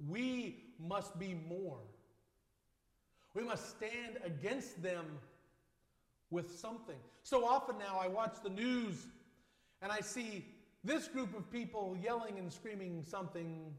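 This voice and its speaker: A male pastor delivering a sermon in measured phrases, building on repeated lines and often dropping to a soft voice. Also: sits high. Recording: echoey hall with long reverb.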